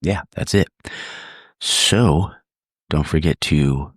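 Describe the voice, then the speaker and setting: Very deep, hoarse laid-back man. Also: fairly even intonation, moderate pace, dry recording, studio quality. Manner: rambling, laid-back, swears. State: hoarse from singing. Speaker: podcast host. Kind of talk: casual chat. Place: home studio.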